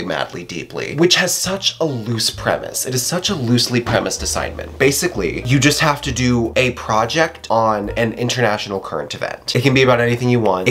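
A young college student rambles to the camera, fairly low-voiced and full of self-mocking sarcasm. His pitch leaps around for emphasis as he jokes his way through. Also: a bit bright. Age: young adult. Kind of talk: casual vlog to camera.

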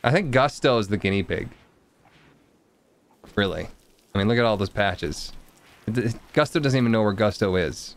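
A man's voice: lowish voice, lively intonation, normal speed, long pauses. A man streaming a colony game, giving casual, joking commentary and muttering to himself as he plays.

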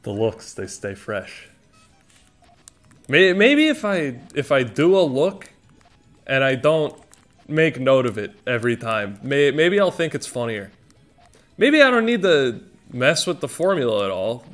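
Bright-voiced man commenting on his game. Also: mid-range voice, big pitch swings, unhurried, soft background music. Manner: rambling, self-joking, exclamatory. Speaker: gaming streamer. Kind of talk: casual gameplay commentary.

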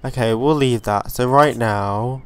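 A man hosting a let's play, giving chatty, excitable gameplay commentary and swearing freely. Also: medium pitch, a little slow, clear, resonant tone.

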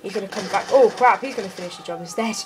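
A woman giving excitable gameplay commentary, often exclaiming in alarm. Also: medium pitch, racing. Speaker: gamer. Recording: noisy game audio behind.

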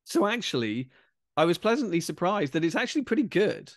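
A man co-hosting a casual film review show, talking in a relaxed conversational way with fillers. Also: high-pitched, a little fast, no echo, studio quality. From Britain. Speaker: podcast co-host.

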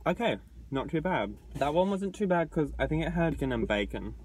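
A man's voice: on the high side, very animated, brisk, loud music behind the voice, poor audio. A man vlogging in a casual chat, complaining bluntly and sarcastically and swearing freely.

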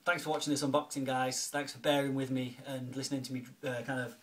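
A man talks fast at a medium pitch with a flat delivery, chatting casually in a home vlog as he thanks a friend. He's a video blogger and film collector, chatty and grateful, and his speech is full of ums and restarts.

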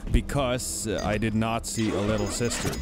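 A man giving casual gameplay commentary as host of a let's play, thinking aloud in a musing, halting way. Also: on the low side. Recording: game music clearly behind.

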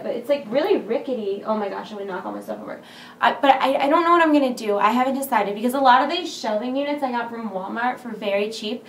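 A young woman vlogging casually from home, rambling with lots of "like", excited and nervous, recorded on her camera mic in a big empty room. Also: fairly high pitch, roomy sound, slight background noise. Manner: chatty, rambling, full of "like". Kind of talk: casual vlog chat. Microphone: camera's built-in mic.

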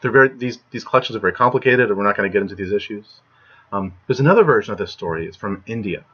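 Young male lecturer, casual and chatty, husky voice, dull home recording. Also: on the low side, expressive, rapid-fire. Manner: chatty, lots of "right?" and "like". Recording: muffled lo-fi recording.

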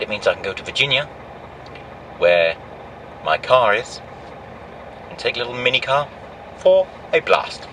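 Outdoors at night next to his truck, a trucker chats casually to camera in a lowish, fairly bright voice, poking fun at himself with dry humor. The camera audio is noisy, with traffic and vehicles audible behind him.

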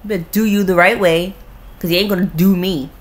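A woman's voice: on the low side, fairly even intonation, moderate pace. A young woman at home, ranting bluntly and profanely in a casual vlog. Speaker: vlogger. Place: at home with her cat.

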